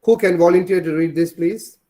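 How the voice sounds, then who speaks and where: A man teaches an online class over a video call. His voice sits a touch higher than most men's. He repeats his points and keeps putting questions to his students. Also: a little fast, dark tone.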